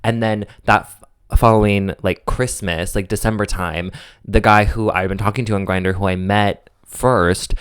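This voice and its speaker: Young man, podcast co-host, campy animated storyteller, lowish voice, smooth and clear, dry close mic. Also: normal speed, no room sound. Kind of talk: casual chat, storytelling.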